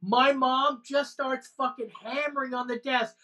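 Woman, podcast co-host, animated storyteller who curses freely; bright, slightly high voice. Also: unhurried. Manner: animated storytelling with frequent swearing. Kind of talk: casual chat.

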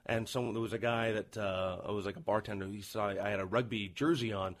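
A man's voice: lowish voice, steady tone, brisk. Rambling, hesitant Canadian man. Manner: hesitant, rambling, many restarts. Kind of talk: casual podcast chat.

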